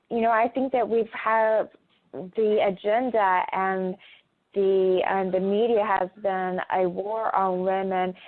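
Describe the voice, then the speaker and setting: A middle-aged woman talking as a guest in a casual interview over a phone call, speaking hesitantly with many filler sounds. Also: mid-range voice. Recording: tinny phone line.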